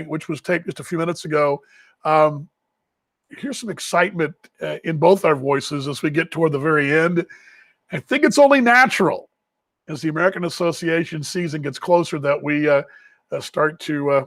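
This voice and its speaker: A man's voice: a little high, fairly bright tone, no echo. A man from Texas hosting a casual live stream from a ballpark as a team broadcaster, chatty and self-deprecating, rambling as he reads viewer comments aloud.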